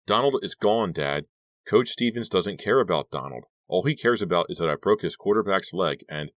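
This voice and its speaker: A man reading an audiobook, voicing a troubled teenage boy who pleads and shouts at his father. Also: deep voice, animated, moderate pace, dry recording, pitched above the performer's own voice. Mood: angry. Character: troubled teenage boy footballer, desperate and explosive.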